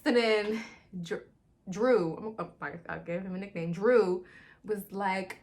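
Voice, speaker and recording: A young adult woman vlogging a casual movie review, retelling scenes in a slangy, excitable way full of "like". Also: mid-range voice, slow.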